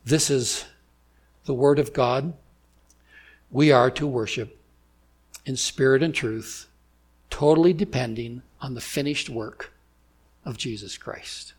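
A man preaching a sermon to a church gathering, measured and emphatic, with deliberate pauses, ending in prayer. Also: medium pitch, husky. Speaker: pastor.

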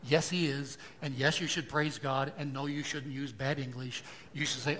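A man preaching a sermon to a congregation, asking rhetorical questions and moving between hushed, soft passages and loud, emphatic lines. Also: medium pitch, fairly even intonation, moderate pace, hardly any pauses, a little hiss or hum. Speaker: pastor. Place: church.

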